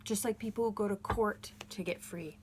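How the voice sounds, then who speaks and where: A woman's voice: medium pitch, moderate pace, slight background noise. A woman giving a collective tarot reading, earnest and emotional, encouraging her viewers directly. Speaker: tarot reader.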